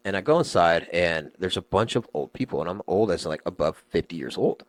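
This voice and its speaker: A young man, a podcast guest, telling stories in animated, slangy casual chat and swearing freely. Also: deep voice, brisk, dry recording.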